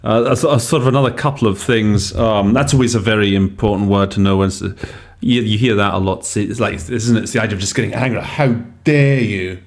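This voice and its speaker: A man with a fairly low voice talks through interpreting choices in a relaxed, teacherly way. He thinks aloud as he goes, with frequent fillers and self-corrections. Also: quick pace. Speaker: podcast host teaching interpreting. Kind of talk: casual explanatory commentary.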